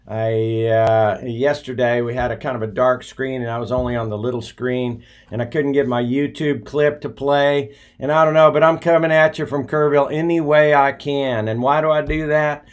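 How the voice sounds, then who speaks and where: A man's voice: medium pitch, level tone, normal speed, few pauses. An older man talks straight to his viewers in a folksy, affectionate live-stream monologue. His voice sits in an ordinary middle range, and he wanders through fillers and restarts as he goes. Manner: rambling, full of uh and restarts.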